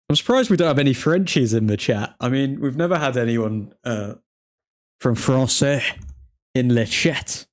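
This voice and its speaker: A man's voice: medium pitch, animated, moderate pace. Joking man hosting a football stream. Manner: rambling and jokey, laughing often, mock French phrases. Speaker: watchalong stream host. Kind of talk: casual live-stream chat.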